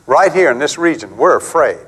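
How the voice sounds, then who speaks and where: Casting: middle-aged male preacher, higher voice, very lively delivery, chatty sermon style. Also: brisk, husky, rough recording. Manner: animated, conversational, acts out quotes with big pitch swings.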